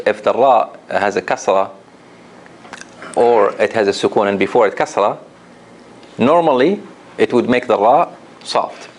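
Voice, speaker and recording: A man teaching Quran recitation to a class, patient and repeating each example slowly while asking the students questions. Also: medium pitch, slight background noise. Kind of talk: classroom lesson.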